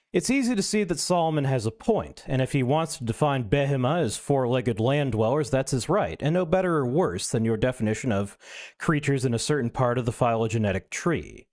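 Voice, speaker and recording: A man's voice: medium pitch, a little mellow. A male streamer reading an essay aloud, breaking in with wry, self-mocking asides.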